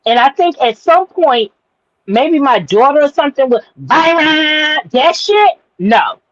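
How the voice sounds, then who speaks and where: Blunt, high-voiced woman podcast host. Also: lively intonation, moderate pace, dry recording, highs cut off. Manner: blunt and profane, with frequent stammered restarts. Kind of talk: casual chat.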